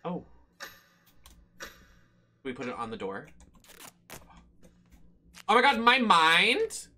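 A streamer talking through a cheap horror game live, loud and profane, cracking jokes at everything. The voice is bright and swoops all over the place, jumping into high squeals and shouts whenever something startles them. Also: huge pitch swings, takes it slowly, slight background noise. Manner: loud, profane, jokey running commentary. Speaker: streamer playing horror games.

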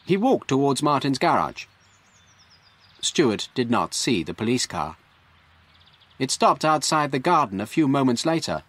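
Slow expressive male story narrator. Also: mid-range voice, no room sound. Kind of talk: slow scripted story reading for English learners.

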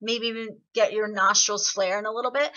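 A woman leading an online singing workshop, chatty and encouraging, explaining with lively examples over a video call. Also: medium pitch, very noisy. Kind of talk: online voice lesson.

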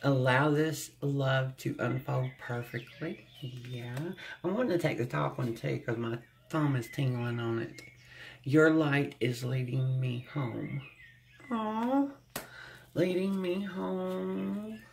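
A tarot reader giving a gentle, channeled reading to viewers, often humming and sighing and sounding close to tears. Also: mid-range voice, slow, gravelly, slight background noise. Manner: speaks with emotion, close to tears at times.

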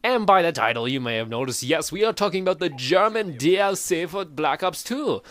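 Male gaming commentator, hyper and rambling, voice sits a bit high, unscripted theory chat. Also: animated, a little fast, fairly bright tone, no room sound.

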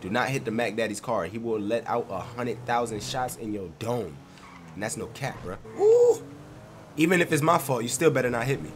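A man's voice: mid-range voice, huge pitch swings, moderate pace, a little hiss or hum. A young man with a congested voice from a cold, giving slangy, hyped commentary over his gameplay. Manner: slangy, hyped, loud outbursts. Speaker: gaming streamer.

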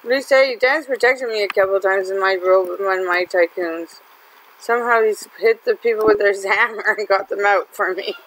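A woman's voice: mid-range voice, moderate pace, a bit bright, a little hiss or hum, rough recording. A woman hosting a gaming channel, chatting and teasing through her commentary as she plays. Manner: chatty and teasing, laughs often. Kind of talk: let's-play commentary.

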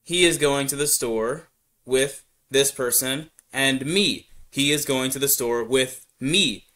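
A man's voice: mid-range voice, takes it slowly, pushed and bright. A man hosting a reaction video, chatting and joking while he explains things at length. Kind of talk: casual reaction commentary.

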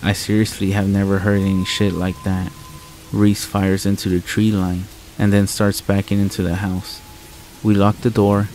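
A man's voice: fairly low pitch, slight background noise, low-quality recording. A man narrating a true horror story in the first person, blunt and full of swearing. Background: soft music and rain sounds.

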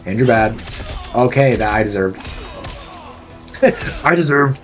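A man narrating his own fighting-game playthrough in loose, rambling commentary full of jokes and swearing. His voice sits at an ordinary middle pitch. Game music runs faintly in the background. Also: expressive, slow. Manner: joking, profane, rambling. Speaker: gameplay commentator. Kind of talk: casual gaming commentary.

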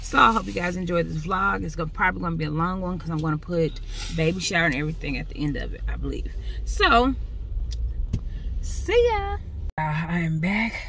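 A young woman with a slightly low voice talks casually into her phone camera, calling her viewers "y'all" as she runs through a busy day. She is pregnant and sometimes a little out of breath. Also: fast talker, creaky, fairly bright tone, a little hiss or hum. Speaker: vlogger. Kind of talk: casual vlog chat.

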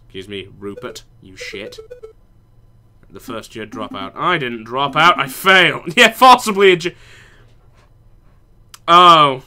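A man's voice: a little high, lively intonation, slow pace, pauses often, pushed and bright. A young man in university playing a video game, reading the dialogue aloud and mocking the characters with sarcastic, profane remarks. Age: young adult. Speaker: let's play gamer.

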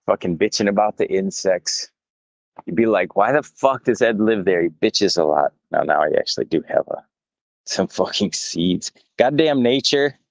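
Strolling outdoors in botanical gardens, a man with a low voice hosts a laid-back livestream for his mycology channel, holding his phone as he rambles profanely and chuckles a lot. There's no room sound on the recording.

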